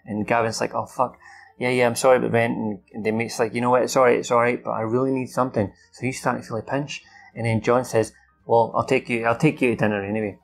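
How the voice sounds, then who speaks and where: A man talks through a film from memory, his voice gravelly and mid-range. He rambles with fillers and restarts and swears now and then as he recaps the plot. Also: mid-range voice, level tone, quick pace, faint music behind. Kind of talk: casual off-the-cuff recap.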